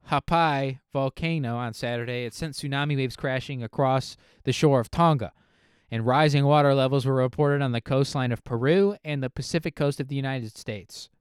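A man's voice: medium pitch, clean tone, no echo, clean studio sound. A man hosting a solo podcast, rambling casually with lots of swearing and fillers. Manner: rambling, profane, filler-heavy. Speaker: podcast host.

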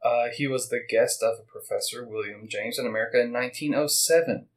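A man's voice: medium pitch, poor audio. A man hosting a casual podcast, reading passages aloud and stopping to chat and joke. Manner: rambling, reads quotes and puts on quick voices for them. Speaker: podcast host.

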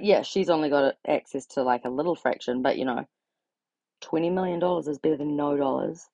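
A woman's voice: low voice, creaky, warm tone, no room sound. A young adult woman talking straight to camera in a blunt, sweary, exasperated rant. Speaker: vlogger. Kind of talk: ranting casual monologue.

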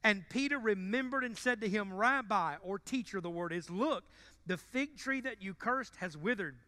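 Bright, high-voiced joking preacher. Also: male voice, normal speed. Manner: joking and conversational, swinging between loud bursts and quiet asides. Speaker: pastor. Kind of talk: sermon. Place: church sanctuary.

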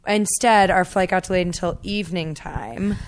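A woman co-hosts a casual podcast in a relaxed tone. Her voice sits a little low, and she often lets her sentences trail off softly. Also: moderate pace, smooth. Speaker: podcast co-host. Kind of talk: casual chat.

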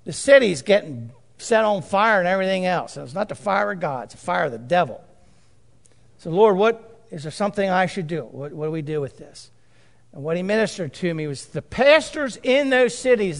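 A man's voice: high voice, gravelly. A man preaching a sermon, emphatic, repeating and drawing out key phrases. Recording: long hall reverb.

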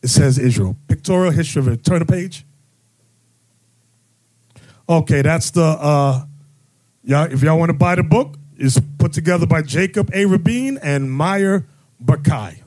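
A man with a high, husky voice leads a podcast as its bishop. He teaches with wide, lively swings of pitch and breaks into loud exclamations. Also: moderate pace, pauses often. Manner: excitable, jumps into loud exclamations. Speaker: bishop leading a religious podcast. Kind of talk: animated teaching chat.

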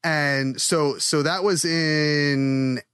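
A man hosting a podcast, telling rambling, animated stories in casual chat. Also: a little high, extremely slow, clear, resonant tone, no echo, clean studio sound. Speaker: podcast host.

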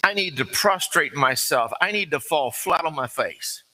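A man's voice: on the high side, animated, normal speed, bright, forceful tone, slight background noise, rough recording. A man preaching an earnest, conversational sermon with folksy asides.

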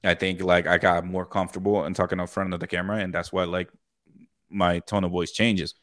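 Male podcast co-host, deep voice, loose and profane, lots of fillers, dry mic. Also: little pitch movement, brisk, a bit bright, dry recording. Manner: loose, swears a lot, filler-heavy. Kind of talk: casual podcast chat.

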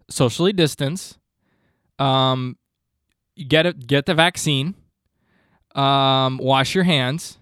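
A man hosting a comedy podcast, delivering a rambling monologue in a deadpan, mock-earnest tone with frequent restarts. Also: medium pitch, slow pace, long pauses, smooth, no room sound, studio quality. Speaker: podcast host.

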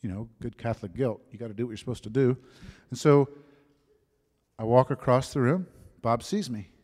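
A man in his fifties telling his conversion story as a sermon testimony, shifting from lively storytelling to soft, hushed moments. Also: mid-range voice, a little fast. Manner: storytelling, drops to soft whispers at emotional moments. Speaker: preacher giving a testimony. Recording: long hall reverb.

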